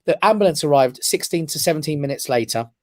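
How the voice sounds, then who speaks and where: A man, a guest on a talk show, telling a personal story with lively emphasis and frequent "right?" check-ins. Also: fairly high pitch, fast, dry recording, studio quality. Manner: animated storyteller who keeps checking in with "right?". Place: his office.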